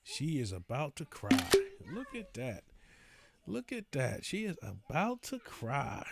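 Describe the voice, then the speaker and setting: A man's voice: mid-range voice, wildly swooping pitch, takes it slowly, creaky, noisy background. A man hosting a casual reaction commentary over a news clip, mocking and repeating his phrases over and over. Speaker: reaction channel host.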